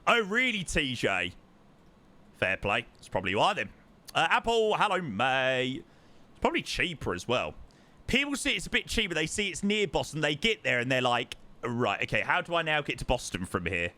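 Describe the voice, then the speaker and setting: A man's voice: medium pitch, sing-song, moderate pace, sharp tone. A young man chatting casually to his live-stream chat while flying a simulator, repeating words for emphasis. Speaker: livestreamer.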